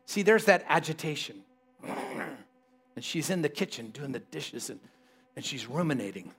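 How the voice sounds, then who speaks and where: A man's voice: mid-range voice, lively intonation, moderate pace, fairly bright tone. A man preaching a sermon to a congregation, conversational and playful, often joking with the people in the room. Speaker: pastor.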